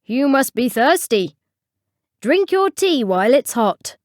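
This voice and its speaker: A woman voicing a brisk, firm male football team manager in a storybook. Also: sits high, sing-song, no echo, studio quality, pitched above the performer's own voice, heavily acted. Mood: cheerful.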